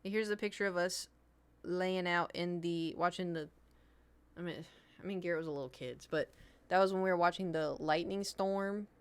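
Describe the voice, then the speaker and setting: Chatty young woman streamer, lowish voice. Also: fairly even intonation, normal speed, clean tone. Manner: chatty and rambling, laughs often. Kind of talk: casual chat with viewers.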